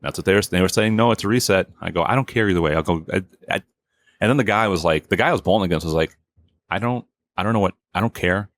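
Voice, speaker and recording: A man's voice: deep voice, very fast. A man hosting a podcast, telling a story in a heated, profane way and acting out what people said. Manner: profane, heated, acts out quotes. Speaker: podcast host. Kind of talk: casual storytelling.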